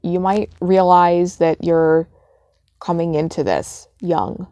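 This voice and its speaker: A young adult woman talks straight to the camera in a casual vlog, blunt and emphatic, with plenty of swearing. Her voice sits on the low side. The sound is dry, with no room echo. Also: steady tone, takes it slowly, mellow. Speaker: witchcraft vlogger. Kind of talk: casual spoken advice.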